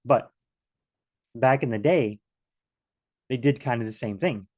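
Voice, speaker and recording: A man's voice: mid-range voice, unhurried, a little mellow, dull audio. A man teaching a casual bible study from home, rambling and acting out little back-and-forth dialogues.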